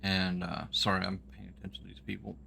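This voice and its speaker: A man's voice: low voice, monotone, quick pace, creaky, bright, forceful tone, slight background noise. A man who used to drive trucks, streaming a trucking game and telling a long story in a folksy, rambling way full of ums and restarts. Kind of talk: casual storytelling while gaming.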